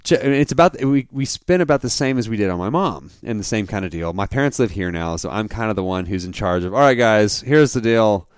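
Low-voiced man telling a story, laughing. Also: quick pace, hardly any pauses, clean tone, no echo, clean studio sound. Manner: animated storyteller, laughs often. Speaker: podcast co-host. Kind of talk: casual chat.

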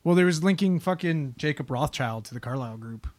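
A man's voice: a little high, expressive, brisk, no room sound. Joking, swearing man co-host. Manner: joking, profane, chimes in with questions. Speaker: podcast co-host. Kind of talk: casual podcast banter.

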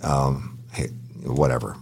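A man, a podcast co-host and former prison guard, telling profane, animated stories in casual chat. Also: rumbling low, takes it slowly, gravelly, a little hiss or hum. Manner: profane, animated anecdotes with acted-out quotes. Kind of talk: casual storytelling.

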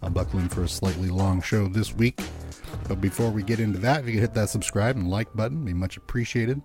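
A man's voice: fairly low pitch, fairly quick, over music. A young man hosting a casual podcast, rambling loosely with lots of fillers and swearing. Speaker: podcast host. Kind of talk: casual chat.

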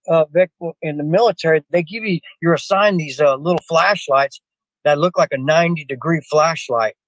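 Rambling older man telling a story, high-pitched. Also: no echo, rough recording. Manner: digressive, restarts often, addresses the host by name. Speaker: guest telling a personal story. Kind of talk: rambling spoken anecdote.

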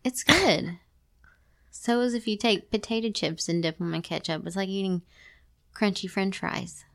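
Middle-aged mom hosting, reads a story then jokes around a lot. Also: female voice, medium pitch, normal speed, a bit bright, no echo, studio quality. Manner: teasing, laughs often. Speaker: co-host reading a story. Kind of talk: casual chat and story reading.

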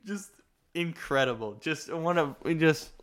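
A man's voice: medium pitch, normal speed, pushed and bright. A young man co-hosting a podcast, rambling through a casual chat with lots of restarts and laughs. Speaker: podcast co-host.

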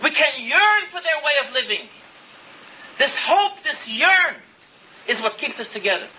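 A man's voice: extremely high pitch, big pitch swings, unhurried, bright, forceful tone, a little hiss or hum, poor audio. A man delivering an earnest, impassioned sermon, mixing Hebrew terms into his English. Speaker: religious speaker.

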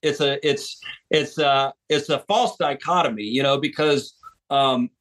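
A man's voice: mid-range voice, unhurried, fairly bright tone. An American man, an author and street preacher, talking earnestly in a podcast interview and often restarting his sentences. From United States. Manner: earnest, emphatic, with frequent restarts.

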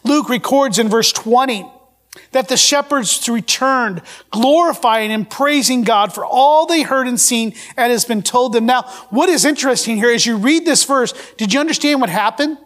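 A man with a high voice preaches to his congregation. He reads scripture aloud and asks his listeners questions as he goes. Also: normal speed, fairly bright tone. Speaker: pastor. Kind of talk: sermon.

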